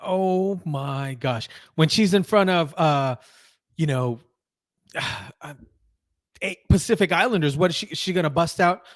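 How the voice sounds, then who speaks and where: High-pitched, incredulous male vlogger. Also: measured pace, no echo, clean studio sound. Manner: incredulous, mocking, laughs often. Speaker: commentary vlogger. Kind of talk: excited opinion rant.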